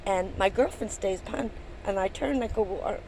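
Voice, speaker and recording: A woman's voice: mid-range voice, fairly quick, vocal fry, a little mellow, rough recording. Chatty older woman with faint noise. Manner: chatty, rambling, many ums and restarts. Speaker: vlogger. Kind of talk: casual storytelling to camera. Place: in a van.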